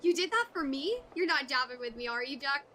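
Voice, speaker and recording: An indignant young female rogue, quick to protest, as a woman streamer reads her lines. Her voice sits high and bright. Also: animated, a little hiss or hum. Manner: indignant, exclamatory. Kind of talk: reading game dialogue aloud.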